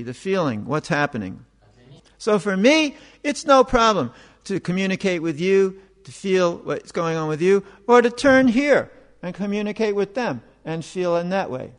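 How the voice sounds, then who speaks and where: A man's voice: high voice, lively intonation, normal speed, big-room sound. A man giving an informal spiritual talk, speaking conversationally and acting out the voices of the people he quotes, growing exasperated at times. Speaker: spiritual teacher.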